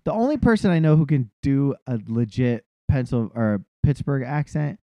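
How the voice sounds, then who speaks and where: A man in casual chat who swears a lot and tells rambling, animated stories. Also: medium pitch, moderate pace, no room sound.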